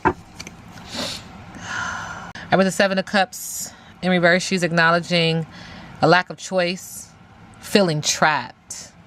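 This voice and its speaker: A woman's voice: fairly low pitch, steady tone, slow pace, pauses often, fairly bright tone, a little hiss or hum. A woman giving a casual spiritual tarot reading, emphatic, talking aloud to spirit and repeating phrases. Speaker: tarot reader.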